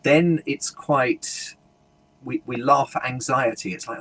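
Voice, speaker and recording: A British man with a husky, slightly breathy voice spins a comic anecdote in a loose, chatty interview. His pitch sits in an ordinary middle range. He acts out the people he quotes as he goes. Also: slow, low-quality recording. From United Kingdom. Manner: animated anecdote-telling, puts on voices in quotes. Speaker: guest speaker and humorist. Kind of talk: casual storytelling interview.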